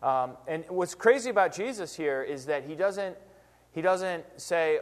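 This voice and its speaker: A man's voice: on the high side, animated, unhurried. Man preaching in an echoing hall. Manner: conversational, emphatic preaching. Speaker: pastor. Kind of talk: sermon.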